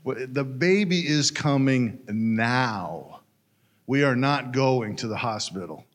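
A man's voice: mid-range voice, animated, normal speed, mellow, natural voice. A man voicing a firm young woman in labor. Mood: insistent. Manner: firm and insistent.

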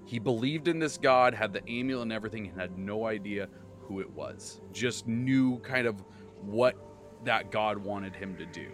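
A man hosting a casual podcast chat, excitably rambling as he recaps the tabletop campaign he runs as game master. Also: lowish voice, moderate pace, soft background music.

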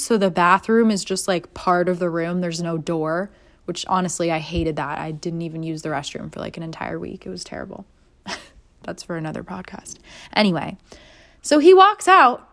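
A young woman talking casually on her own podcast, spinning a story. She is animated and playful, and she slips into the voices of the people she quotes. It is a relaxed, conversational monologue. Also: medium pitch. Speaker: podcast host.

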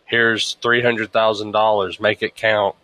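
Casual talker, male, bright forward tone, swears a lot, tells animated stories. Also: lowish voice, a little slow, low-quality recording. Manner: profane, rambling, animated storytelling. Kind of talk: casual chat.

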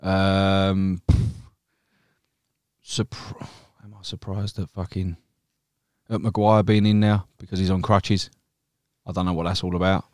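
A man's voice: low-pitched, level tone, normal speed, dry recording, studio quality. A man co-hosting a casual football podcast, teasing his co-host and swearing casually.

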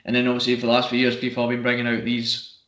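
A man's voice: medium pitch, monotone, racing, fairly bright tone. A man, chatting casually on a podcast and telling stories while now and then slipping into put-on voices. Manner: storytelling with bursts of put-on voices. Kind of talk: casual chat. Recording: echoey room.

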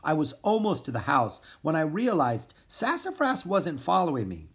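Lively, expressive children's book reader. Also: mid-range voice, moderate pace. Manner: expressive, animated. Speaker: audiobook narrator. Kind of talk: storybook read-aloud narration.

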